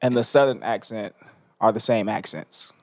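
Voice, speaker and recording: A man's voice: lowish voice, normal speed, darkish tone. A man hosting a podcast in playful, hype, joking casual chat. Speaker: podcast host.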